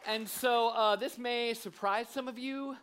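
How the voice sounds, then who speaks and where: A man, a guest preacher giving a sermon in a church, lively and self-deprecating as he acts out funny stories. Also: very high voice, unhurried, a crowd in the background, noisy background. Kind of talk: sermon with humorous storytelling. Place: church sanctuary.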